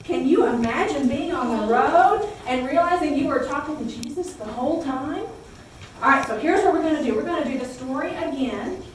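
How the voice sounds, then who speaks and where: Lady teaching kids a bible story, high voice, really echoey room, mic far away. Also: fairly quick, a little hiss or hum. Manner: animated, exclaiming, coaxing children to repeat lines. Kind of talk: telling a Bible story to children.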